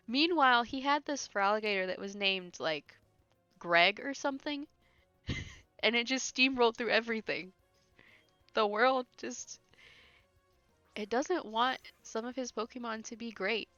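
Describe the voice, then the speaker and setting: A woman's voice: on the high side, a little slow, pauses often, sharp tone, clear, resonant tone, dry recording, muffled recording, soft background music. A woman streamer chatting casually while playing a video game, giggling and talking to her chat between asides. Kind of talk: casual let's-play commentary.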